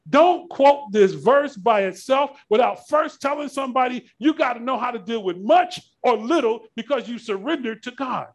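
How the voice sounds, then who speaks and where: A man preaching a sermon, climbing into shouts and asking the congregation to finish the verses. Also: high voice, expressive, moderate pace. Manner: preaching with rising shouts and call-and-response questions. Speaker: pastor.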